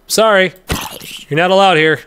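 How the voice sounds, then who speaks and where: A man hosts a let's play with casual gameplay commentary, rambling along and talking to the creatures in the game. He laughs easily and bursts into sudden loud yelps, speaking at a moderate pace in a smooth, high voice.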